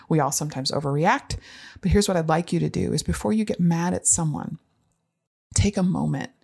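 A mother talking earnestly about her son, thoughtful and reflective, sometimes dropping to a soft near-whisper. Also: deep voice. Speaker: parent. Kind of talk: casual storytelling monologue.

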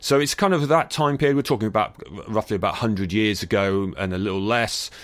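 Softly low British man explaining. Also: brisk, dry recording. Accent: near-received pronunciation British. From Britain. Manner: thoughtful, explanatory, with frequent fillers and restarts. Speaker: guest expert on acoustics. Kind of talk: conversational interview answers.

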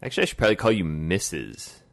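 Deep lively guy hosting a podcast, joking around, dry close sound. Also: fast talker, vocal fry, no echo. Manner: joking, laughs often, teasing. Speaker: podcast host. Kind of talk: casual podcast banter.

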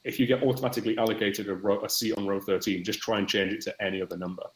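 A man's voice: fairly low pitch, fairly even intonation, rapid-fire. A man, a podcast guest chatting in a wry, rambling way. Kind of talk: casual podcast chat. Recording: echoey room.

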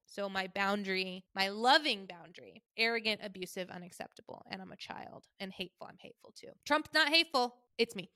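A woman in her thirties hosting a podcast, telling a personal story in a wry, quiet, conversational way. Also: medium pitch, a little fast, few pauses, no echo. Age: 30s. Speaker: podcast host.

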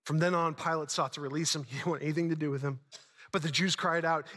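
A man's voice: fairly high pitch, fairly even intonation, fast talker, fairly bright tone, big-room sound. A man preaching a sermon, retelling a story dramatically with casual asides. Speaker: pastor.

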